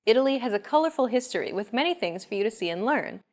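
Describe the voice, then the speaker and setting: A woman hosting a language lesson, explaining with clear, friendly, scripted narration. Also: a little high, lively intonation, fast talker.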